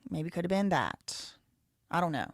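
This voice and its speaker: A woman's voice: fairly low pitch, expressive, moderate pace, gravelly, no echo. Southern American woman, live-stream host, casual chatter, dry close sound. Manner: chatty, thinks aloud, reads viewer messages. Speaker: live show host reading donations.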